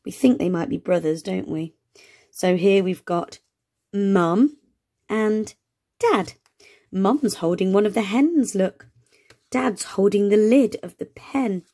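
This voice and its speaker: Slow, encouraging woman reading to children. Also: medium pitch, warm tone. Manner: slow, encouraging, sounds out words letter by letter. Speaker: early reading teacher. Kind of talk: reading a phonics picture book aloud to children.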